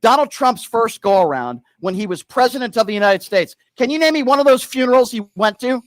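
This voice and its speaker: A fired-up man calls in to debate the host, his fairly high voice leaping up and down as he argues. He talks over the other side and drives each point home by repeating the host's name. The sound is dry, with no room around him. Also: expressive, fairly quick, a bit bright, no room sound. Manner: combative, interrupting, keeps repeating the host's name. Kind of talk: heated call-in debate.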